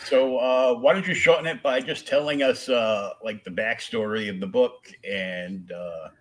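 A man hosting a casual interview, asking questions in a relaxed, conversational way with hesitant fillers. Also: medium pitch, measured pace. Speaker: interview host.

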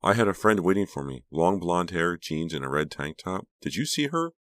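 A man's voice: sits low, big pitch swings, moderate pace, a bit bright, no room sound. A man reading an audiobook, voicing an anxious, troubled teenage girl who sounds tense and breathless. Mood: uneasy. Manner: tense, pleading, breathless at times.

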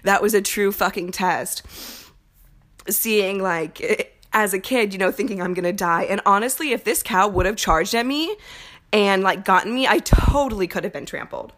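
A young woman hosting a podcast, telling a personal story in a candid, profane, animated way. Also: mid-range voice, moderate pace. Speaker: podcast host. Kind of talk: casual storytelling monologue.

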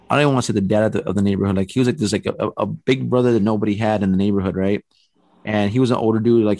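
A middle-aged man casually telling a story, animated and rambling, with restarts and acted-out quotes. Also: on the low side, dry recording.

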